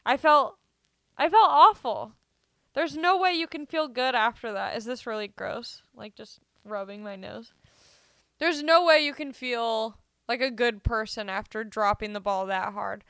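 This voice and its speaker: A woman's voice: on the high side, unhurried, a bit bright, dry recording, studio quality. A woman hosting a casual solo podcast, rambling and joking at her own expense while she has a cold. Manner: rambling, self-deprecating, joking. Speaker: podcast host.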